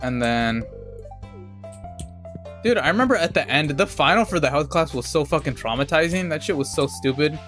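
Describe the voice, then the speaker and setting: A man's voice: fairly high pitch, lively intonation, normal speed, pauses often, a bit bright, soft background music. A young adult man streaming a game, telling a rambling, profane story in a casual, laid-back way. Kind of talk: casual storytelling while gaming.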